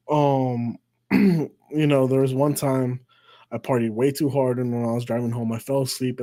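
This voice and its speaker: A man with a mid-range, dark-toned voice hosts a live stream and rambles through a story. He is casual and profane, swearing constantly and restarting, and he laughs at his own story in a self-mocking way.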